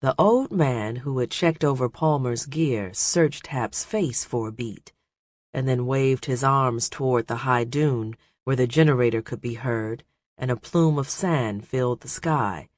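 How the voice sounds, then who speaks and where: A male audiobook narrator reading an adventure novel in a steady, measured storytelling voice. He takes an unhurried, slow pace. The recording is close and completely dry. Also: medium pitch, dry recording. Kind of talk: scripted narration.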